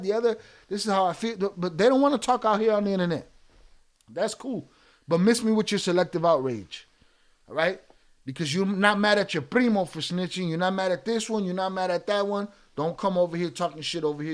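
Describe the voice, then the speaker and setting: A man, streaming and heatedly berating a viewer in chat, swearing hard. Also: sits high. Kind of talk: angry livestream rant.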